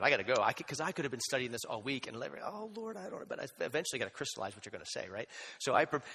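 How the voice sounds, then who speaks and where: A man preaching a sermon as pastor, conversational and animated, with asides and humor. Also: medium pitch, husky. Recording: long hall reverb.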